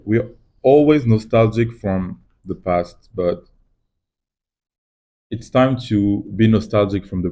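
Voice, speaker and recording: A man's voice: fairly low pitch, warm tone. A man rambling reflectively in a casual to-camera vlog while doing crafts at home. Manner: rambling, reflective, self-mocking. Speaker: vlogger.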